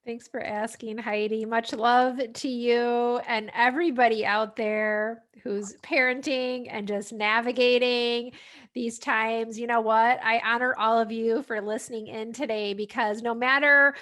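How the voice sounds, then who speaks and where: A woman's voice: a little high, steady tone, unhurried, fairly bright tone. A woman podcast host thanking listeners and closing the episode in a grateful sign-off. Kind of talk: podcast hosting and scripted outro.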